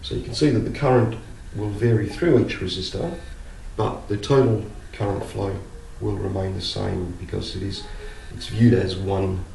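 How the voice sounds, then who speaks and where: An Australian man in a casual electronics tutorial, slowly working through sums aloud and then telling a joke. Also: low-pitched, steady tone, gravelly, warm tone. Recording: roomy, distant, faint background hum.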